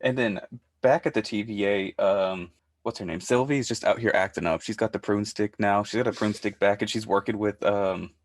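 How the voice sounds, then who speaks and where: A man's voice: lowish voice, moderate pace, dry recording, studio quality. A man co-hosting a podcast, recapping a show in casual chat and retelling scenes with quoted voices. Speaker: podcast co-host.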